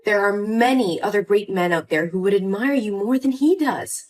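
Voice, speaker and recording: A woman's voice: mid-range voice, normal speed, darkish tone, lightly acted. A woman voicing an upset young adult daughter in a dramatized story, pleading and indignant. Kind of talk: scripted story voice acting.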